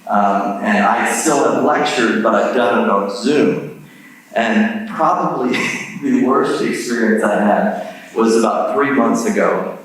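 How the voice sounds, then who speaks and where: A man's voice: fairly low pitch, takes it slowly, far from the mic. A man giving a guest lecture in a church, talking in a friendly, self-deprecating, chatty way. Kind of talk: conversational lecture. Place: large church sanctuary. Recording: echoey hall, mic heard from afar.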